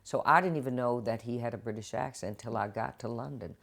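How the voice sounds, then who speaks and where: An older woman, a guest actress and author, telling stories in an interview and acting out quotes with lively voices. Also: a bass voice, brisk, creaky. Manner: animated, acts out quotes in different voices. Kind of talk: interview storytelling. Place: TV studio.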